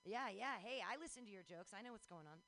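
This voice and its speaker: Brash, bright-voiced woman comic. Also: mid-range voice, fast talker, low-quality recording. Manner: brash, blunt, deadpan. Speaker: comedy show host and comedian. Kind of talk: stand-up comedy set.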